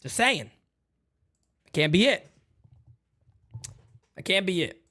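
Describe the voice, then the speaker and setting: A man hosts a fan show with emphatic commentary, going from shouts to low mutters. His pitch swings widely, lively and animated. He pushes his points hard and repeats them. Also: takes it slowly. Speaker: fan channel host.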